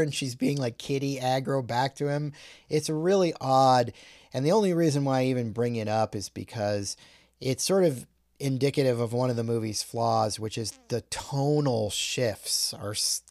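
A man's voice: mid-range voice, a little mellow, no room sound, clean studio sound. A man casually recapping a film plot on a podcast, swearing and rambling. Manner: profane, rambling recap with quoted asides. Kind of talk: casual chat.

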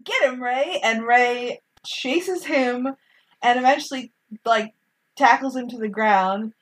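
Animated woman recapping a film. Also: fairly high pitch, takes it slowly, rough recording. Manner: animated, gushing, acts out characters' lines. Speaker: podcast co-host. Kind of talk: casual film recap chat.

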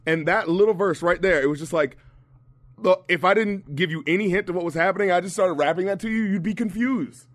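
A man's voice: high-pitched, fairly quick, dry recording, studio quality. A man talking as a podcast guest, rambling and swearing as he tears apart an album in casual chat. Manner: profane, rambling, animated.

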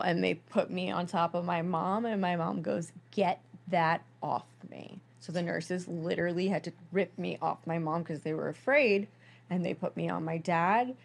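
Brief: young woman, podcast co-host, low gravelly voice, rambling and heartfelt. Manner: gushing, filler-heavy storytelling. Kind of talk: casual chat.

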